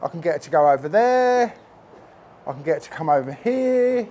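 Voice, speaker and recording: This male horse trainer has a somewhat high, mellow, sing-song voice and a moderate pace. Handling a horse at a stable, he talks to a phone camera on a tripod, earnest and emphatic, restating what he means.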